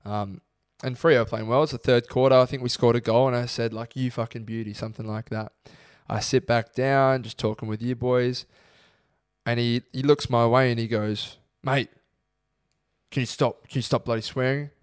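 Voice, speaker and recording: A young Australian man co-hosting a podcast, telling a story with lively quoted voices. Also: medium pitch, normal speed, clean tone, no room sound, studio quality. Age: young adult. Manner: animated storyteller acting out quotes. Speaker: podcast co-host. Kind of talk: casual podcast chat.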